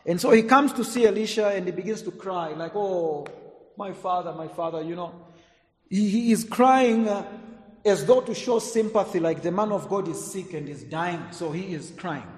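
Man, preacher; somewhat high voice, dramatic loud-soft swings, long hall reverb. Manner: dramatic swings between loud emphasis and quiet asides. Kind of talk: sermon.

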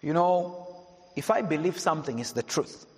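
A man preaching a sermon in a high, animated voice, slowing right down whenever he reads scripture. He presses his points by repeating questions to the congregation. The sound rings through a large hall with a long, echoing reverb.

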